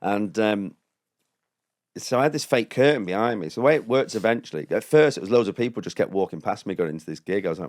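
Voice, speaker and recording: A man's voice: fairly low pitch, quick pace, darkish tone, no room sound, clean studio sound. A male comedian telling a long story on a podcast, laughing and acting out other people's lines in raised voices. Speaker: comedian guest. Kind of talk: casual podcast chat, storytelling.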